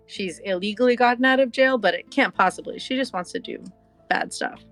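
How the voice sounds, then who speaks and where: A woman playing in a tabletop game, rambling through her thoughts in an animated, self-deprecating way. Her pitch sits in the middle. Faint music plays in the background. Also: fairly quick. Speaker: player. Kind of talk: tabletop game role-play.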